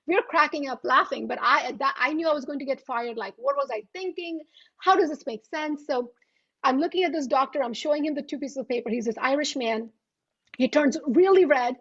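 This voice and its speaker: A high-voiced woman in her thirties tells a self-deprecating story with lively energy. She speaks over a video call, and the audio comes through muffled and lo-fi. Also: a little fast. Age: 30s. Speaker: guest author. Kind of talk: anecdotal storytelling.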